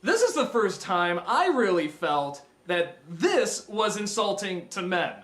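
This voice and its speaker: A man giving a comedic film review rant, exasperated and mocking, with animated impressions. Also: high-pitched, takes it slowly. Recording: roomy echoey recording.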